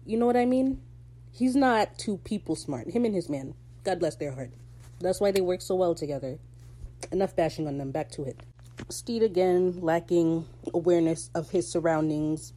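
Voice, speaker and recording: A young woman hosting a casual podcast recap, talking on her own with a fairly low, dark, mellow tone. She gushes, swears and breaks into sudden excited outbursts, then settles back into chatty commentary. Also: slight background noise. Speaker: podcast host.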